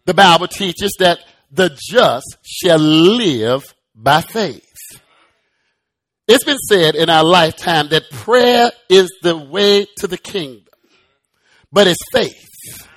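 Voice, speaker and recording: A male preacher delivering a sermon, building from slow, quiet lines to loud, rising, shouted passages, often repeating words as he restarts. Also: fairly high pitch.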